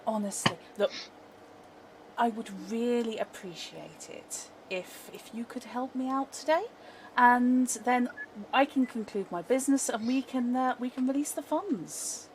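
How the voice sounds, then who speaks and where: A woman's voice: fairly high pitch, unhurried, a little hiss or hum, voice pushed up, rough recording. A woman putting on a gracious, genteel young noblewoman. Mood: exasperated. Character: polite, friendly young noblewoman.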